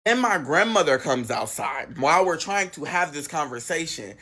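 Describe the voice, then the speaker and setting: A man telling a personal story in casual storytime style, animated and profane with wry asides. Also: fairly high pitch, normal speed, breathy edge. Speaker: guest telling his story.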